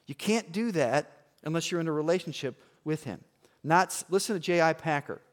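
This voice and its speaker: A middle-aged man preaching as a pastor, telling a story with acted-out voices and swings from hushed to loud. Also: fairly high pitch, brisk. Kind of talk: sermon with a personal story.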